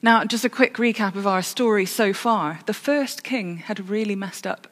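A woman's voice: mid-range voice, normal speed. Woman preaching in a reverberant church. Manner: storytelling with self-corrections and dry humour. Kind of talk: sermon.

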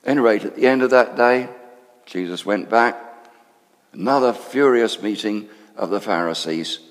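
An actor playing a male temple council member, telling a friend in confiding, animated storytelling what he has seen. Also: on the low side, moderate pace, long reverb tail, natural voice. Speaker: storyteller in character. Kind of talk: dramatic monologue.

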